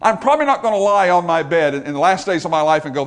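Male preacher mid-sermon: high-pitched, hugely animated delivery, repeating phrases and dropping to a hush. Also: fast, hardly any pauses. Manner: emphatic and repetitive, swinging from loud to hushed.

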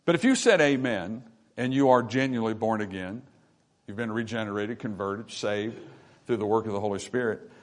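A man preaching a sermon to his congregation, swinging between quiet, intimate stretches and loud, emphatic ones. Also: on the low side, moderate pace. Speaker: pastor. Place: church sanctuary.

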